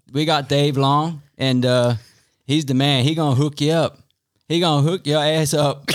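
A man, a podcast guest, reading sponsor plugs in a joking, hammy way. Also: fairly high pitch. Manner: playful, hammy, laughing. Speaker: podcast guest, enduro rider. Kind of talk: joking sponsor reads in put-on accents.

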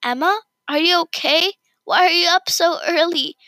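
A woman voicing a kind, supportive mother in a read-aloud story, in a light, high voice. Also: moderate pace, pushed and bright, no echo, low-quality recording. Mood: concerned.

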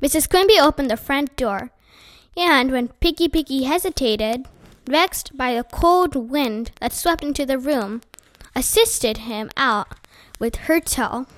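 A woman reading a children's chapter book aloud, with gentle, expressive narration. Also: sits high, measured pace, no room sound. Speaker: storyteller.

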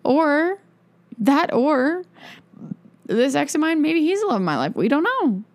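A young woman chats on her solo podcast with a gravelly, fry-tinged voice that swoops up and down in pitch. She rambles and jokes sarcastically, laughing often, and the sound is dry and close. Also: very animated, measured pace, no echo. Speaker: podcast host. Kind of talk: casual solo podcast chat.

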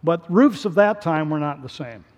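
A male pastor delivering a sermon in an animated way, his voice rising to emphatic peaks. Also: a little high, normal speed. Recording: long hall reverb.

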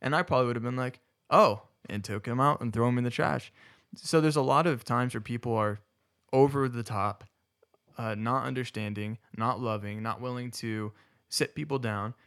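A man's voice: mid-range voice, fairly even intonation, normal speed, a bit bright. A man co-hosting a casual discussion who rambles, corrects himself mid-sentence and laughs often.

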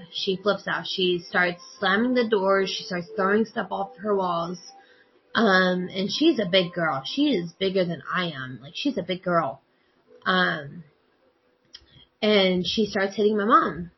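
A woman's voice: medium pitch, takes it slowly, highs cut off, soft background music. A woman in casual conversation, animatedly telling a family story and acting out the dialogue. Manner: animated, acts out quoted dialogue.

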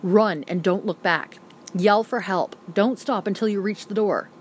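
A woman's voice: medium pitch, a little hiss or hum, lightly acted. A woman reading a grave, protective mother. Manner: measured, deadly serious instructions.

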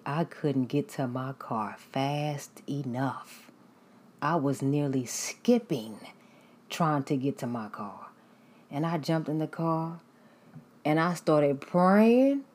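A young adult woman casually telling a story to her viewers, animated and confiding, dropping into hushed asides. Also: low voice.

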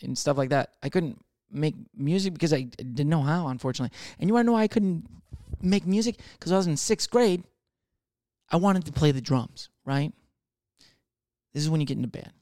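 A man's voice: on the high side, a little mellow, no room sound, clean studio sound. A man in his twenties telling a rambling, profane comic monologue with lots of restarts. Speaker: comedian.

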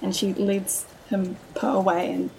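A woman playing a tabletop game who narrates her character's actions in a lively, giggly way. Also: medium pitch, a little slow, creaky, slight background noise, poor audio. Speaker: player.

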